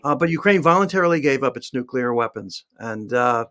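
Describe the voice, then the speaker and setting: A man in the guest's chair, explaining history at a measured, steady pace. His talk is dotted with "uh" and "you know" as he works through his points. His pitch sits in an ordinary middle range. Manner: measured, explaining with fillers and asides.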